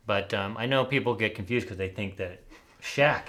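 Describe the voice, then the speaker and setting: A man's voice: on the low side, normal speed, bright, forceful tone. A man co-hosting a casual chat show, talking in an easygoing, chatty way and laughing along. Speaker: co-host, trivia contestant.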